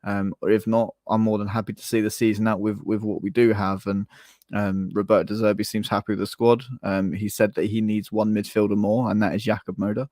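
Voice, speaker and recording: A man's voice: on the low side, little pitch movement, a little fast, a little mellow, dry recording, clean studio sound. A man from England co-hosting a football podcast, giving opinions and often repeating words as he starts a sentence. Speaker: podcast co-host. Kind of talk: casual football podcast chat.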